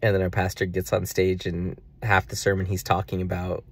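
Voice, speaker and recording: A young vlogger rambles earnestly in a personal video diary, reflecting at length on faith and money. His voice is deep and fairly quick, with a completely flat delivery.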